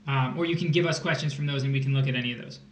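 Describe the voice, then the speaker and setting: A man's voice: mid-range voice, fairly even intonation, very fast. A man tutoring test prep on a casual livestream, joking and rambling as he explains math. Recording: echoey room, faint hiss.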